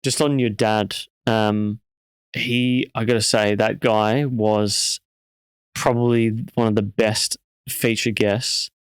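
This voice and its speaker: Low smooth-voiced male interviewer. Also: flat delivery, slow pace, no echo. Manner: reflective, hesitant, many fillers and restarts. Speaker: podcast host. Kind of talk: casual interview chat.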